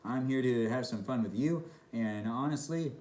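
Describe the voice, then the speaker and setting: Guy live streaming his dinner, chatty, talks between bites, middle pitch, echoey room. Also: moderate pace, a little mellow. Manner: chatty, reads and answers chat comments aloud. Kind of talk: casual live-stream chat while eating.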